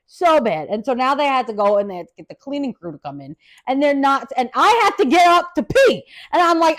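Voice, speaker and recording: A woman hosting a podcast, telling a wild story in a casual, profane rant, swinging from loud and laughing to low, quiet asides. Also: very animated, brisk, hardly any pauses. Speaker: podcast host.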